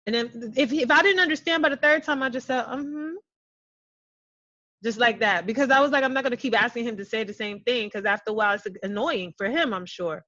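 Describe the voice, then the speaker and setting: A woman hosts a casual interview over a video call. Her voice sits fairly high, and she talks in animated, rambling bursts with frequent laughs. The sound is muffled and lo-fi. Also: fast, few pauses. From New York. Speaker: interview host. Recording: dull lo-fi sound.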